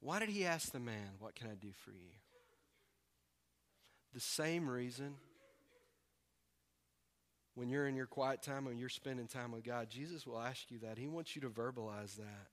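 A man from the preaching a sermon, animated and acting out voices with humor. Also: mid-range voice, moderate pace, pauses often. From American South. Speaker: pastor.

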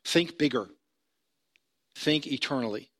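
A man's voice: medium pitch, lively intonation, unhurried, a bit bright. A male pastor preaching a sermon in a conversational storytelling manner, building to emphatic points.

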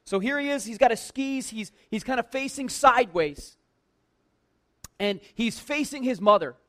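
High-voiced man telling a funny story. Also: moderate pace. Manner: lively, conversational, heavy use of "like", self-mocking humor. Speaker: church worker telling a personal story. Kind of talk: casual personal storytelling.

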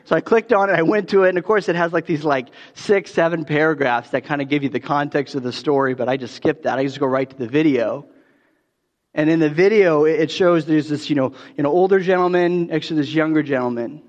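A man preaching a sermon in a relaxed, conversational way, telling a story with many restarts and fillers. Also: on the high side, brisk. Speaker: pastor. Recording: dull sound with long hall reverb.

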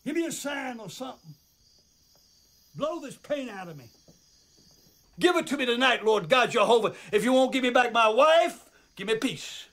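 An actor playing a distraught preacher who hollers and pleads with God in a film drama. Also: male voice, extremely high pitch, animated, moderate pace, pauses often, fairly bright tone, full character voice. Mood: pleading. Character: anguished male preacher shouting at God at night.

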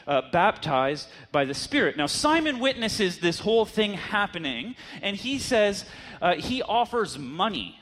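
Higher-voiced man preaching a sermon. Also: fairly bright tone. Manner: conversational teaching with rhetorical questions.

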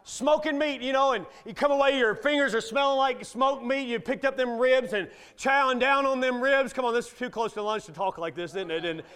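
A man's voice: very high voice, brisk, hardly any pauses, a bit bright, smooth. A middle-aged male guest preacher delivering a sermon in a folksy, joking manner.

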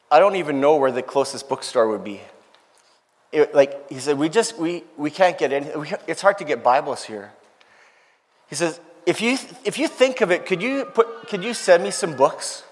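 A man's voice: on the high side, animated, moderate pace. A man telling an emotional story in a sermon, earnest and heartfelt, acting out the voices of the people he quotes. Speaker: preacher. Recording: long hall reverb.

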